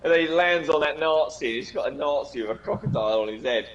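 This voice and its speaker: Sweary laughing lad. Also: male voice, a little high, animated, fast talker, lo-fi sound, a little hiss or hum. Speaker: gamer chatting on stream. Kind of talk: casual chat.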